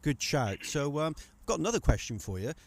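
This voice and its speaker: A man's voice: on the high side, big pitch swings, a little fast, creaky. Playful man, mock-offended. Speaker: studio guest. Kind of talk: casual live-stream chat.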